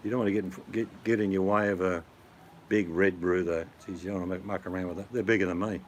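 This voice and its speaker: A man's voice: deep voice, steady tone, fast, a little hiss or hum. A middle-aged man with an Australian accent, chatting casually and jokingly with his viewers. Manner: blokey, joking, rambling. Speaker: vlogger answering chat. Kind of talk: casual chat.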